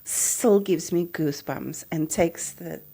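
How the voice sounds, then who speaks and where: A woman in her thirties hosts a podcast, telling a personal story with animated, emotional energy. Her voice sits a little lower than most women's. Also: takes it slowly, vocal fry, breathy edge. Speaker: podcast host.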